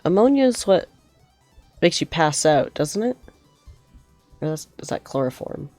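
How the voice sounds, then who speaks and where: A woman's voice: low voice, big pitch swings, measured pace, dark tone, dry recording, faint music behind. A young woman streaming a game, chatting and telling rambling stories with frequent giggles. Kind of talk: casual gameplay storytelling.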